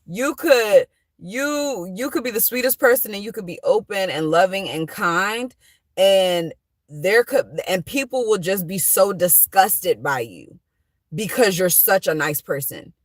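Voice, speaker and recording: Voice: medium pitch, expressive, unhurried, no echo. A vlogger giving casual motivational talk from inside a parked car, earnest and reassuring, rambling with many fillers and restarts.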